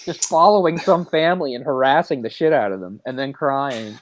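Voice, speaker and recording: A man's voice: medium pitch, fairly quick, no echo, poor audio. A man co-hosting a podcast, casually retelling a story with mocking impressions. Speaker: podcast co-host. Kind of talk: casual chat.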